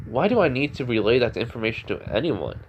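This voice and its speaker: A calm, eerie young hero with devil powers, as a man reads his lines aloud. He speaks in a flat, matter-of-fact way, and the lines sound dull and lo-fi. A faint hiss sits under them. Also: mid-range voice, quick pace, lightly acted.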